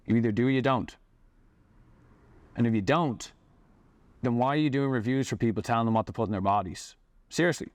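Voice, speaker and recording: A man's voice: mid-range voice, no echo, clean studio sound. A man running a business, delivering an angry, profane rant to camera. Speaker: business owner and vlogger.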